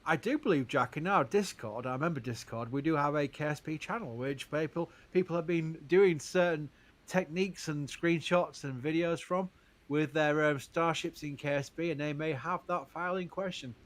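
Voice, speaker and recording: A man's voice: on the high side, normal speed. A man hosting a live stream, reading out viewer questions and answering carefully, stressing what is uncertain. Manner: careful, stresses uncertainty, laughs between points.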